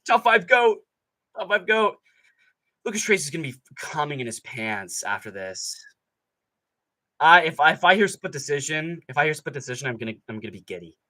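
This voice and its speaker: A man's voice: fairly high pitch, sing-song, quick pace, pushed and bright. A young man hosting a live fight reaction stream, ranting sarcastically with plenty of profanity. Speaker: streamer host.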